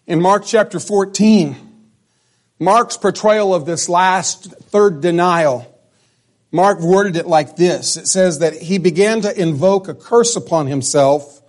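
A man preaching a sermon, emphatic, sometimes dropping to a hush, and often restarting his words. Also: a little high. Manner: emphatic, drops to a hush for dramatic lines.

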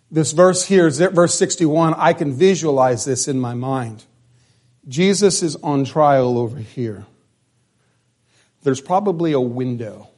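A man preaching a sermon, emphatic, sometimes dropping to a hush, and often restarting his words. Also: on the high side. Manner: emphatic, drops to a hush for dramatic lines.

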